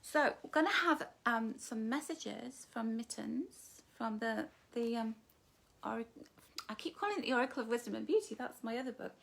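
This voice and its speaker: Middle-aged Englishwoman, live-stream host, affectionate and chatty, slightly high voice. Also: expressive, normal speed, gravelly. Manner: warm, affectionate, calls viewers darling and my love. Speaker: author hosting a live book launch. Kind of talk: live-stream chat reading viewer comments.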